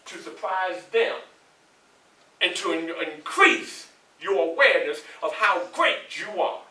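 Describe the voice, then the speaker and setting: A man's voice: high-pitched, measured pace. Man, Southern accent, motivational speaker, call-and-response, roomy hall, distant mic. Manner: call-and-response, preachy and animated, asks the crowd questions. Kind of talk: motivational speech to students. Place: large echoey college hall. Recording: echoey hall, voice from far off.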